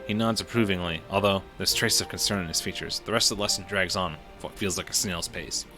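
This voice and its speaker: Low-voiced man reading a story game aloud. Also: steady tone, fast. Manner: plain narration with occasional reactions. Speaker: streamer. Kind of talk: reading a visual novel aloud. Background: music.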